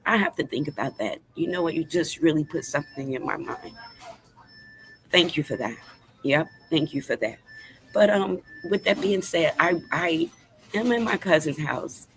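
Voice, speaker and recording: This fifties-aged woman's voice sits low yet sounds animated and a bit bright, moving at normal speed over slight background noise and poor audio. Hosting a casual livestream in a fast-food restaurant, she talks straight to her viewers in an earnest, emotional way, her voice shaking with feeling.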